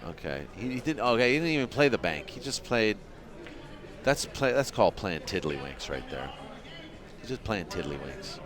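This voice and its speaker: A man commentating a pool match live in a loose, chatty way. His pitch swings around a lot as he talks, and he keeps bantering with the people watching. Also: sing-song, normal speed, crowd noise. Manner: chatty, joking with viewers, laughs often. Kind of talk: casual live play-by-play commentary.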